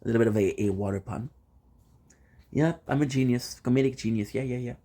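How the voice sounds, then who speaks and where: A man's voice: mid-range voice, a little fast, mellow. A man streaming live and chatting casually with his viewers, playful and teasing, often repeating the same phrase several times in a row. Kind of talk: casual chat.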